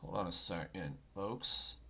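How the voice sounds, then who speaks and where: A man hosting an end-times prophecy channel, talking loudly and excitedly while browsing news, with a sore throat and a habit of saying "folks". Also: deep voice, unhurried, creaky, a little hiss or hum. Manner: loud and excited, often yelling, says "folks" constantly.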